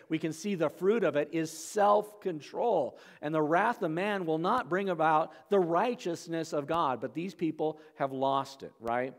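Male pastor, conversational verse-by-verse preaching, slightly high voice, long church-hall echo. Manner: conversational, asides with "okay?" and "right?". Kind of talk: expository sermon. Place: church sanctuary.

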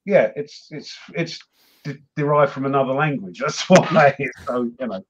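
A British man chatting casually in a group discussion over a video call, jokey and quick to correct himself. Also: medium pitch. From Britain. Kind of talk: casual chat. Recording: dull lo-fi internet call line with faint noise.

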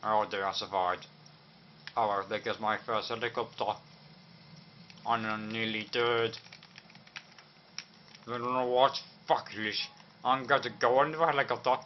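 A man's voice: lowish voice, steady tone, measured pace, pauses often, close to an everyday voice. A man putting on a swearing drunk guy. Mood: drunken rambling. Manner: slurred, rambling, swearing. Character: rowdy drunk young man. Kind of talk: game voice-over role-play. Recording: muffled lo-fi with faint noise.

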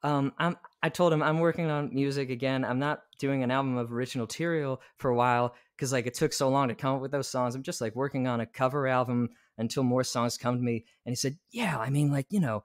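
A man, a musician guest on a podcast, telling stories in casual chat and acting out what people said in lively bursts. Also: medium pitch, quick pace, few pauses.

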